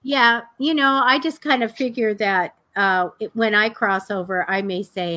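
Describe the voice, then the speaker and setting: A woman's voice: medium pitch, unhurried, no echo. Chatty, laughing woman psychic. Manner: chatty and animated, laughs often, blunt. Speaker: psychic co-host. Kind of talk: casual live-stream chat.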